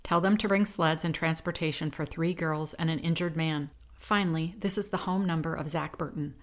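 Woman doing a steady rescuer lady, low voice, firm and reassuring, storybook read. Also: normal speed, close to an everyday voice. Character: determined woman rescuer, calm and protective.

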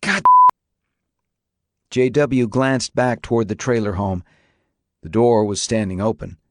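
A man reads a novel aloud in a low, even voice. The sound is dry and close, with no room around it, and his storytelling moves at a measured pace. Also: no room sound. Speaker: narrator. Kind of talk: scripted audiobook narration.

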